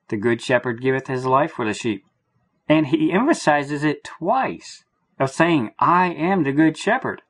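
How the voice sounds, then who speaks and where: A man giving an earnest Bible teaching, slow and emphatic, repeating his phrases for weight. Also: on the high side, slightly rough. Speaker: preacher.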